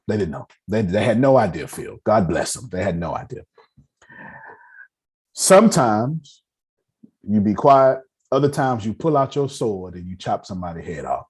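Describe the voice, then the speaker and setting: A man with a husky, slightly breathy voice delivers a motivational talk to a live crowd. His pitch swings widely as he preaches in a folksy, direct way, calling out to his listeners. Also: darkish tone. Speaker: motivational speaker. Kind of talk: lively talk to a live audience.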